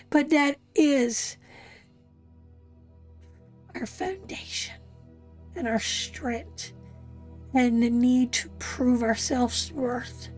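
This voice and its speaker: With very slow delivery and long pauses, a Canadian tarot reader on a live stream speaks heartfeltly and emotionally to her viewers. Her fairly high voice is a little mellow, and faint music can be heard in the background.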